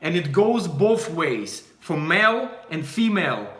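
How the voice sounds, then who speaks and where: A young man with a Russian accent, a native Russian speaker, teaching a casual language lesson in a playful, animated way. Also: fairly high pitch, unhurried, reverberant. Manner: animated, playful, puts on voices in anecdotes.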